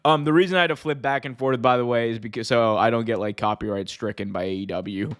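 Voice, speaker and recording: Brief: male podcast host, excitable casual chat, mid-range voice. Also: medium pitch, fast talker. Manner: excitable, heavy use of "like".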